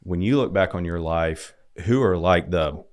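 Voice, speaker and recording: A man's voice: sits low, normal speed. A man hosting a podcast, asking long, rambling questions with restarts. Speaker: podcast host. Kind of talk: interview questions.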